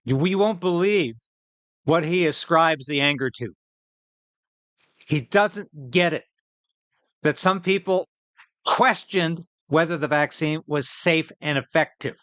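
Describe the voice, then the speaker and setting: A man's voice: on the high side, slow, long pauses, fairly bright tone, no room sound. A man hosting political commentary, reacting to interview clips in an indignant, sarcastic way with a Canadian accent.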